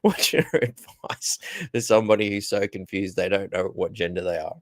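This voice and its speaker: A rambling Australian man hosting a casual solo podcast, with a fairly low voice recorded close and dry. He trips over his words, repeats himself and chuckles at his own jokes as he goes. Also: normal speed, no room sound. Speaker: podcast host.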